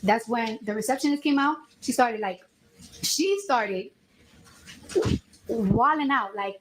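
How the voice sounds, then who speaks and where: A woman testifying as a witness in a courtroom, telling her story in an animated way and acting out the dialogue. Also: a little high, slow, slight background noise, poor audio.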